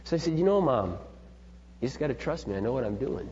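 A middle-aged man leading a parenting seminar, talking in a rambling, folksy, animated way to a group. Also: mid-range voice, quick pace. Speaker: seminar leader. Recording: dull echoey hall with faint hum.

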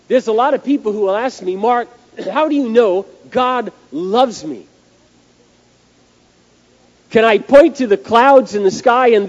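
Lively high-voiced male preacher. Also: muffled recording. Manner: animated, emphatic storyteller. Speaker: pastor. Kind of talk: sermon with storytelling.

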